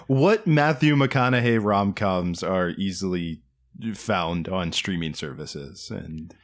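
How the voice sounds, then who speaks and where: A man's voice: deep voice, slow. A man co-hosting a podcast in casual movie-review chat, rambling and hedging as he corrects himself mid-thought. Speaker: podcast co-host.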